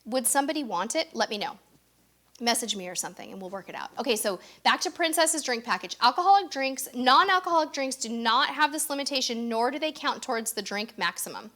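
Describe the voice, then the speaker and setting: A woman's voice: fairly high pitch, animated, fairly quick, pushed and bright. A middle-aged woman co-hosting a casual cruise live stream, reading viewer comments aloud with bubbly, effusive exclamations.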